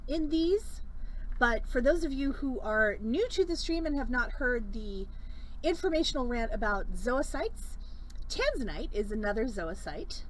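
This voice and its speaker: A woman in her forties hosts a live-stream bead sale in a slow, unhurried way, her voice sitting fairly high. She rambles happily into side stories and laughs often. A faint hiss runs under the recording. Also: big pitch swings, poor audio. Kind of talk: casual live-stream selling chat.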